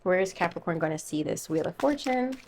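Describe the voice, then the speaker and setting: A woman's voice: lowish voice, lively intonation, a little fast, a little mellow, slight background noise. Chatty woman reading tarot cards. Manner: chatty, musing, thinks aloud while pulling cards. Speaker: tarot reader.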